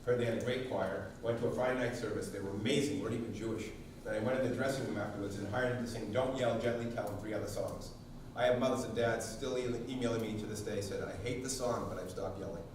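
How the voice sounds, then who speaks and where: A man from Massachusetts presenting a parenting workshop, telling lively stories and acting out quotes for a room of parents. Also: lowish voice, fast, background noise. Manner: animated storyteller who acts out quotes and sings snippets. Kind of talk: storytelling talk to a parent audience. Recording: echoey hall recorded from far off.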